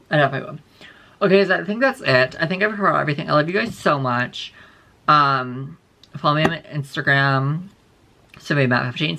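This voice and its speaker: A woman's voice: low-pitched, vocal fry, bright, forceful tone. A young woman vlogging in a rambling, blunt, profane way, full of fillers. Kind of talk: casual vlog chat.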